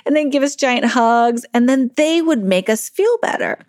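A woman with a fairly high voice talks parents through their frustrations in a conversational solo podcast. She laughs easily and slips into the voice of a parent's inner thoughts. The sound is close and dry, with no room around it. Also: animated, a little slow, a little mellow, no echo. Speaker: parenting coach.

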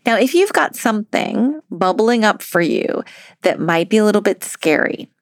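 A woman's voice: medium pitch, animated, moderate pace, no echo, studio quality. A woman life coach giving upbeat, chatty advice on a solo podcast, laughing often as she talks.

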